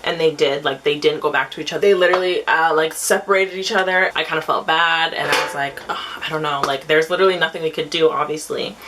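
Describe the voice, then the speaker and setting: A young woman vlogger telling a story casually, chatty and animated. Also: quick pace, hardly any pauses, noisy background. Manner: chatty, animated, acts out quotes in a high voice. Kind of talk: casual storytime while doing makeup.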